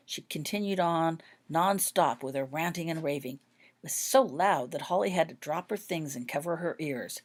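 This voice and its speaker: A woman narrating her own fan fiction story in an even, expressive read-aloud manner. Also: low-pitched, moderate pace.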